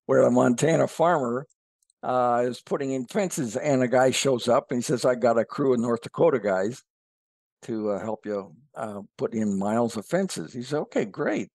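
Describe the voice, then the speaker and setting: A male podcast co-host tells a long joke in a folksy, unhurried way, his pitch sitting mid-range. His voice is recorded dry and close, with no room echo. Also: darkish tone. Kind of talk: casual podcast chat, telling a joke.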